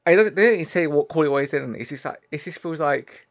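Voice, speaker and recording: A man co-hosting a casual podcast, giving loose opinions and often ending phrases with "like". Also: on the high side. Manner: loose, fast, ends phrases with a trailing "like". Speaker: podcast co-host. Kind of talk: casual chat.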